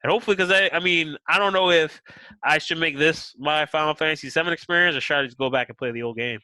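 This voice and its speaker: A man with a bright, fairly high voice hosts a casual podcast, full of slang and restarts. His mic sounds close and dry. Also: quick pace, clear, resonant tone, no room sound, poor audio. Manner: hesitant, filler-heavy, slangy. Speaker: podcast host.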